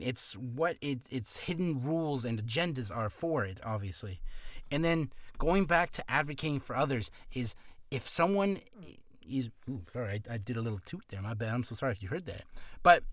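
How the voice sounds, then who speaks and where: A man's voice: mid-range voice, dry recording, studio quality. A man giving casual career advice on a vlog, rambling with restarts and coughing now and then from acid reflux.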